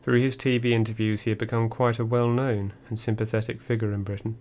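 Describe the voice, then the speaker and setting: A man reading a first-person memoir audiobook in a measured, dry storytelling manner. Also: fairly low pitch, flat delivery, darkish tone. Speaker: audiobook narrator.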